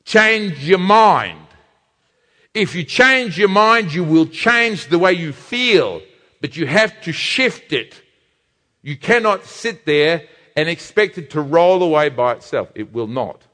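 Man, preacher, sermon, emphatic, bright tense tone, echoing hall. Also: fairly high pitch. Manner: emphatic, animated preaching with slowed stressed phrases. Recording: reverberant hall.

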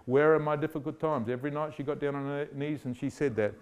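A man's voice: on the high side, fairly even intonation, fast, a little mellow, clear, resonant tone, muffled recording. A man preaching a sermon, telling a story with animation and asking his listeners questions.

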